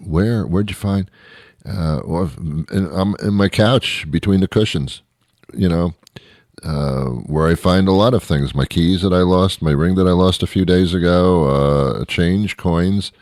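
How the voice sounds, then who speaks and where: A middle-aged man delivering a rambling comic monologue, full of restarts and deadpan asides. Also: deep voice, unhurried, no room sound, studio quality. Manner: meandering, self-interrupting, deadpan asides. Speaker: comedian host.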